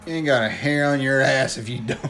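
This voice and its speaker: A man's voice: medium pitch, fast, fairly bright tone, faint music behind. A man co-hosting a casual podcast, trading easygoing, brotherly banter.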